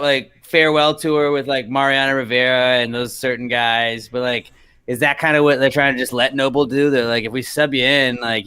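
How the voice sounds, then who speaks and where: Man, podcast co-host, rambling, relaxed, mid pitch. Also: clear, resonant tone. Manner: rambling, relaxed, lots of fillers. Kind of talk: casual football chat.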